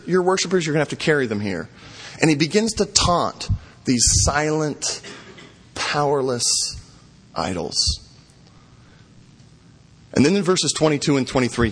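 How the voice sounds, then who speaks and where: A man preaching a sermon, animated, acting out sarcastic taunts in the passage he explains. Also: on the high side, breathy edge, long reverb tail. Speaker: pastor.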